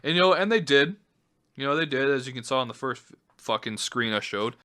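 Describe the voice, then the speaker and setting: Male vlogger, sharp bright tone, swears constantly, fed-up rant over a screen recording. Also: medium pitch, expressive, brisk. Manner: heavily profane, exasperated. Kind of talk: angry ranting commentary.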